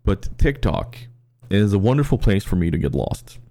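A man's voice: on the low side, very animated, moderate pace, dark tone. A man co-hosting a podcast, telling stories in casual chat, rambling and acting out the people in them. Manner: rambling storyteller, acts out quotes, repeats words. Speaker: podcast co-host.

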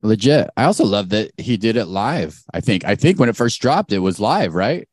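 A man co-hosting a podcast over a video call, telling stories in a fast, animated way. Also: lowish voice, no room sound, clean studio sound. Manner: fast-talking, animated storytelling. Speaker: podcast co-host. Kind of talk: casual podcast chat. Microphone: remote call mic.

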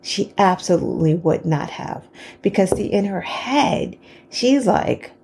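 A woman hosting a podcast, telling a story in a casual, chatty way, laughing between phrases and pausing for effect. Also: medium pitch, expressive, vocal fry, darkish tone. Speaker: podcast host.

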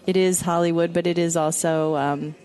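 A woman's voice: fairly low pitch, fairly even intonation, moderate pace, a crowd in the background. A woman hosting a casual interview, friendly and laughing easily. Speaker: interviewer host.

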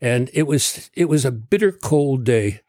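An older man from Connecticut, a doctor being interviewed, telling a rambling story and clearing his throat often. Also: medium pitch, lively intonation, a little slow, darkish tone, no room sound, clean studio sound. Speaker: guest, doctor.

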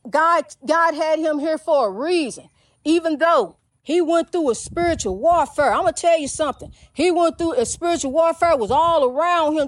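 A woman's voice: high-pitched, dry recording. A woman minister preaching with fervent, repetitive calls, often calling the listener "honey". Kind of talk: preaching monologue.

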